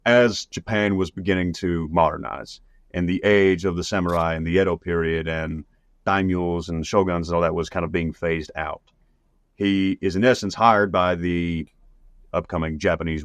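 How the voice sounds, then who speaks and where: A man's voice: deep voice, fairly even intonation, moderate pace, dry recording. A man hosting a podcast, retelling a film plot in a rambling, profane, casual way. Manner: rambling and profane, lots of fillers. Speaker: podcast host.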